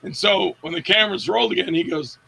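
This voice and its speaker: Guy actor in an interview, high gravelly voice, tells stories and loudly acts out what people said. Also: quick pace. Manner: animated, acts out quotes with raised voice. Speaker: actor guest. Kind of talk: casual interview storytelling.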